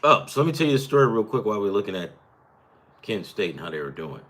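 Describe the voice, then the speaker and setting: A man's voice: on the low side, big pitch swings, fast talker, fairly bright tone. A man in his thirties or forties hosting a podcast, telling a rambling work story and reacting to a football game, swearing and laughing as he goes. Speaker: podcast host. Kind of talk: casual storytelling and game commentary.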